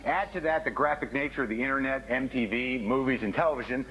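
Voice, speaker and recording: A man comedian on a panel show, giving a mock-serious pitch in a wry, earnest tone and chuckling at his own jokes. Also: fast, bright, forceful tone, poor audio. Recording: TV audio with background noise.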